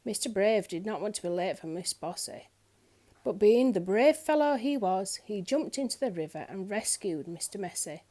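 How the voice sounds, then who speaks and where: A woman reading a children's picture book aloud in an expressive storyteller's manner. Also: medium pitch, normal speed. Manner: expressive, lilting.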